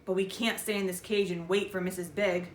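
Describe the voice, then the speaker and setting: A woman's voice: on the low side, flat delivery, a little fast, distant mic, a little hiss or hum, lightly acted. A woman voicing a tiny, nervous storybook boy, earnest and uneasy. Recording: echoey room.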